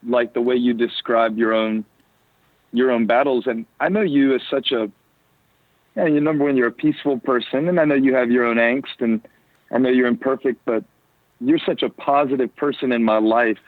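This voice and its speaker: A man's voice: mid-range voice, brisk, no room sound. A man from the American South with a Southern accent, a pastor calling in as a guest, playful and chatty. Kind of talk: casual phone conversation. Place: on a porch. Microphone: phone call. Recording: tinny dry phone line.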